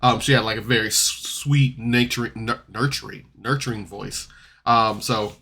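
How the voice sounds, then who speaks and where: A man recapping a tabletop game podcast episode in a loose, rambling way, jumping between loud outbursts and mumbled asides. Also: medium pitch, steady tone, moderate pace, creaky, husky. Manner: rambling, loose, full of "like" and restarts. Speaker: podcast reviewer. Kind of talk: casual recap and commentary.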